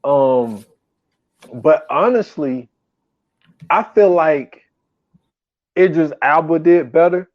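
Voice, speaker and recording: A man's voice: fairly high pitch, slow pace, long pauses, no room sound. Slangy, laughing man on a dull, dry mic. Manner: laughs a lot, retells scenes in quoted voices, slangy. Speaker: podcast co-host. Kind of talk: casual chat.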